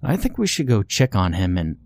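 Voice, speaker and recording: A man's voice: fairly low pitch, sing-song, a little fast, gravelly, darkish tone, dry recording. A man voicing an elderly female neighbor in a horror story, matter-of-fact and a little dismissive. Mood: chatty. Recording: faint music underneath.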